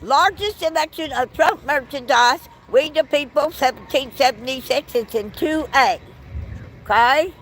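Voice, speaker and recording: A woman's voice: high-pitched, a little slow, fairly bright tone. A woman, filming a casual vlog walk-through of an indoor shop on a handheld phone, exclaiming and gushing over what she sees. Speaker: vlogger.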